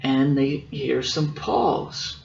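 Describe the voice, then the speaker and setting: A father reading a picture book aloud to his children, gently explaining the story as he goes. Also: mid-range voice, drawn-out words, vocal fry, dull audio, background noise.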